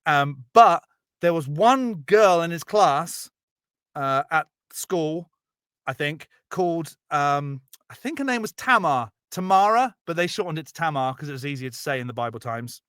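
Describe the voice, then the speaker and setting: Man, rambling profane comedic storytelling, bright tense voice, dry close sound. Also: on the high side, animated, clean tone, dry recording. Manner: rambling, profane, jokey, acts out characters in quick voices. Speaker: podcast co-host telling a Bible story.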